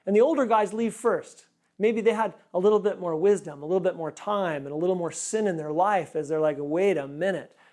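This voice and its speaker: A pastor giving an earnest sermon, often repeating words for emphasis. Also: male voice, high voice, fairly quick, darkish tone.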